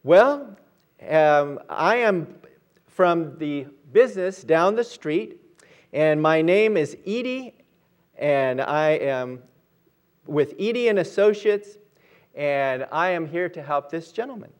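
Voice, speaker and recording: A man's voice: a little high, lively intonation, takes it slowly. Een man die een vriendelijke rijke zakenvrouw vertolkt. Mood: earnest. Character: kind, persistent rich businesswoman.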